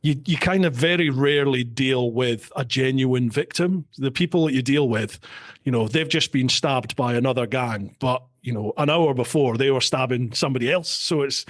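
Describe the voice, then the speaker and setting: A man's voice: medium pitch, normal speed. A middle-aged Scottish man hosting a podcast, telling stories with animation and speaking in an earnest, encouraging way. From Scotland. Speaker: podcast host. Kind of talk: conversational interview.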